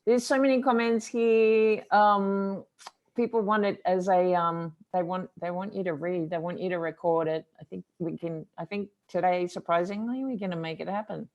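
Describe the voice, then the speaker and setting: A woman hosting an online arts talk, casual and halting with many fillers. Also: fairly low pitch, steady tone, muffled recording. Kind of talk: casual live-stream hosting.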